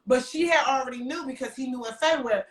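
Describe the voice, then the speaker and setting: A woman's voice: sits high, quick pace, distant mic. A woman, a podcast guest, telling a story casually and acting out quoted dialogue. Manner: animated, acts out quoted dialogue. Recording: echoey room, voice from off-mic.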